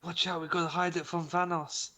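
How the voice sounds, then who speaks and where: A man's voice: a little high, flat delivery, a little fast, bright, forceful tone. An English man playing a tabletop game, exclaiming and easily distracted. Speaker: player. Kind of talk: casual tabletop play.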